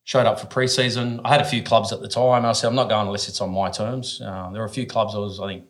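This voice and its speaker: An Australian former professional athlete in his forties, lower-voiced, tells stories as a talk podcast guest. He's blunt and casual, swears freely, and keeps stopping and restarting sentences, speaking quickly in a steady tone.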